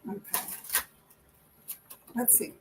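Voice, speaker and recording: A woman's voice: slow, warm tone, poor audio. A woman giving a live tarot reading in casual, rambling chat, laughing often. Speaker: tarot reader and co-host.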